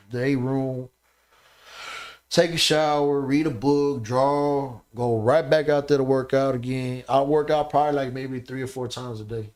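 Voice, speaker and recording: A man in an average pitch talks as a podcast guest in a loose, casual chat. He tells his stories in an animated, profane way, often checking in with "you know what I'm saying".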